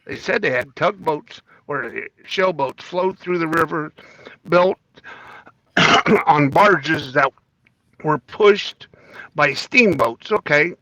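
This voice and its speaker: A man's voice: on the high side, slow, bright, forceful tone, no room sound. A man co-hosting a casual podcast, joking around and reading topics from a list. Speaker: podcast co-host. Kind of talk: casual chat.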